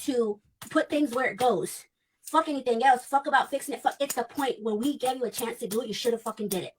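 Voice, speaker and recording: A woman ranting on a livestream, talking quickly and bluntly, with heavy swearing and lots of repetition. Her voice sits a little high, and a faint hiss runs under the recording. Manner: blunt, heated, swears a lot, repeats herself. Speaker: vlogger. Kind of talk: clipped livestream rant.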